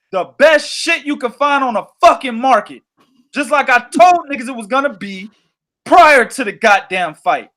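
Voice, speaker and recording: A man hosting a boxing podcast, ranting in a loose, profane, animated way. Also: extremely high pitch, a little slow. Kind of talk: casual podcast chat.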